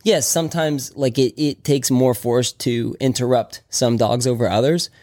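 A man's voice: mid-range voice, steady tone, moderate pace, a little mellow. A man chatting casually as a dog trainer on a podcast, loose and rambling with many restarts. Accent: Texan.

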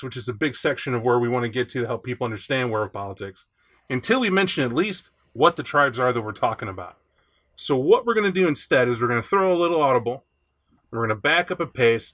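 A man hosting a podcast in casual chat, animated and chatty, reading aloud from a rulebook. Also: medium pitch. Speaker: podcast host.

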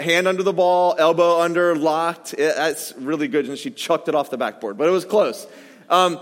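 A man in his forties preaching a sermon, telling a self-mocking story and bursting into shouted quotes. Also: fairly high pitch. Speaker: pastor. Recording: echoey hall reverb.

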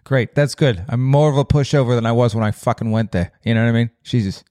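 A man's voice: mid-range voice, quick pace, mellow, no room sound, studio quality. Rambling, folksy male podcast host. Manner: rambling, folksy, keeps saying "you know what I mean". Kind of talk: casual solo podcast monologue.

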